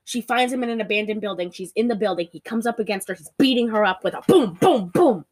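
A woman co-hosting a podcast, chatting casually as she recaps a movie and acts out its lines with big jumps in pitch. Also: lively intonation, fast talker, darkish tone. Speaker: podcast co-host.

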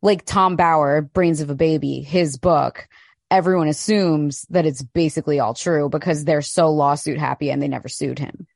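A woman's voice: low voice, steady tone, normal speed, vocal fry, darkish tone, no echo, studio quality. A young adult woman co-hosting a podcast in casual chat, blunt and heated, swearing freely. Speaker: podcast co-host.

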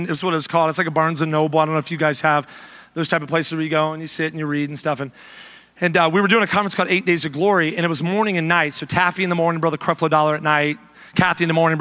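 A man preaching a humorous sermon as pastor, animated and joking with the congregation. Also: a little high.

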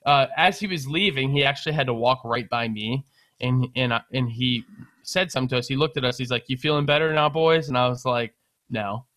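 A young man casually telling a long story on a podcast, animated, swearing and laughing as he goes. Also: medium pitch, fairly quick, no echo. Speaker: podcast co-host.

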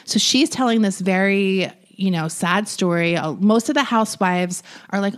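A woman's voice: mid-range voice, moderate pace, hardly any pauses. A woman co-hosting a casual chat, telling a story with lots of laughter and casual swearing. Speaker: podcast co-host recapping reality TV.

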